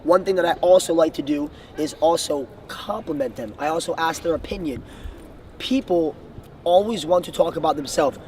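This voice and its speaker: A man's voice: on the high side, moderate pace, darkish tone. A young man from the Bahamas coaching viewers with earnest, enthusiastic sales advice. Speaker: sales trainer. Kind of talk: motivational coaching talk. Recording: distant mic, faint street noise.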